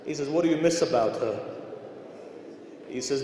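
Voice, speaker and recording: A man's voice: medium pitch, normal speed, long pauses, warm tone. A male preacher telling traditions in an emotional sermon, speaking straight to his listeners and voicing the people in the stories. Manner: addresses listeners directly, retells traditions with quoted dialogue. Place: large indoor shrine hall. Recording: roomy hall echo, background noise.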